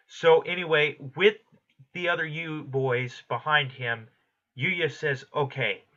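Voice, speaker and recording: A man's voice: medium pitch, bright, forceful tone, muffled recording. A man giving a casual recap of an anime episode, quoting the characters as he goes. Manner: retells plot quickly, quoting characters in passing.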